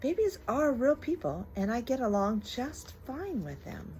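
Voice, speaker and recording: A woman's voice: on the high side, big pitch swings, measured pace, darkish tone, slight background noise, pitched above the performer's own voice. A woman voicing a cheerful, literal-minded housekeeper in a storybook, with a folksy, chirpy way of drawing out her phrases.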